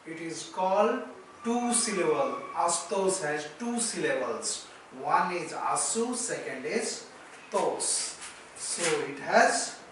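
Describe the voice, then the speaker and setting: A man with an Indian English accent teaching a slow, deliberate lesson on poetry. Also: high-pitched, a bit bright, distant mic, slight background noise. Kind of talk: lecture on poetry. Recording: echoey room, voice off-mic.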